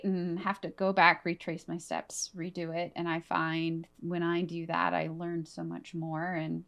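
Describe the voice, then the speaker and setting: A woman's voice: lowish voice, flat delivery, measured pace, gravelly, few pauses, fairly bright tone. A woman hosting a podcast interview, earnest and upbeat, laughing easily with her guest. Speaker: podcast host. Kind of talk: conversational interview.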